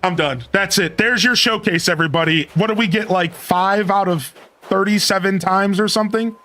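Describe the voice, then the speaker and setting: Pitched high and delivered at an ordinary speed, his voice sounds pushed and bright. He's a game streamer in casual conversation, drifting off mid-thought and repeating a single word over and over while testing something.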